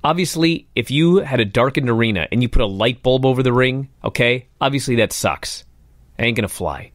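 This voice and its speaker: A man's voice: medium pitch, expressive, a little fast, no echo, clean studio sound. A man hosting a talk radio show, ranting in a fired-up, exasperated way.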